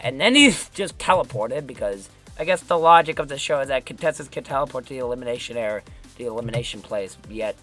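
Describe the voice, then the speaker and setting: A man's voice: a little high, sharp tone. A young man giving casual, rambling commentary on his old animation, often correcting himself and laughing. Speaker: animation creator.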